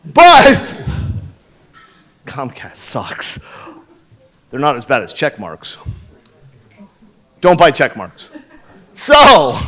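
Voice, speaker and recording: A man's voice: fairly high pitch, fairly bright tone. A man in his fifties giving a conference talk from a stage, blunt, profane and joking. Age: 50s. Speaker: conference speaker.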